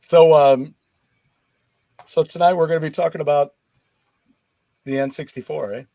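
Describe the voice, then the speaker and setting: A man's voice: on the high side, steady tone, gravelly, warm tone, dry recording. A man co-hosting a casual gaming chat show, joking and trading banter. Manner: jokey, quick with banter.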